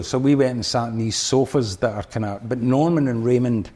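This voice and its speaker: A man's voice: medium pitch, normal speed, few pauses, warm tone. A man with a Scottish accent, a podcast guest and former drummer, telling a rambling story full of restarts and fillers. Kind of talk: casual storytelling.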